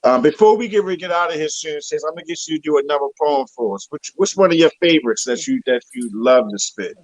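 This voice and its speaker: A man's voice: on the high side, expressive, fast, no echo. A man hosting an interview show, talking casually in a hesitant way with many fillers and restarts. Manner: hesitant, filler-heavy, friendly "sis" address. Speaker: host.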